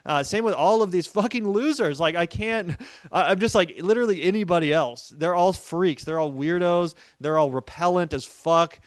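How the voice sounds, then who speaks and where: A man's voice: high-pitched, normal speed, dry recording. Profane, ranting man in a dry room. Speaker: podcast guest. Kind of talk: casual political chat.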